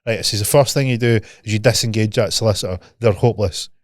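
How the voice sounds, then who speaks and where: A man's voice: fairly low pitch, quick pace, no room sound, studio quality. A Scottish man co-hosting a podcast, telling stories in casual chat, swearing freely and acting out both sides of a conversation. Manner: animated storyteller, swears freely, acts out dialogue. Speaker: podcast co-host.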